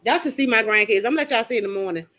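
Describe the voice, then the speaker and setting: A middle-aged woman talks on a live stream from home, animated and quick to exclaim or laugh. Her voice sits on the high side and has a sharp, bright edge. She is picked up by a phone. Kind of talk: live stream commentary and chat with viewers.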